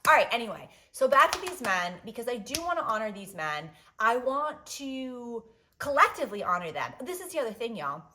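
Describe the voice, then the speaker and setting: A woman in her thirties hosting a solo podcast in casual chat, animated and blunt, swinging between loud outbursts and quiet asides, with lots of "like" and "um". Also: on the high side, a little fast, slight background noise. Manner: swears freely, fillers like "like" and "um". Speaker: podcast host.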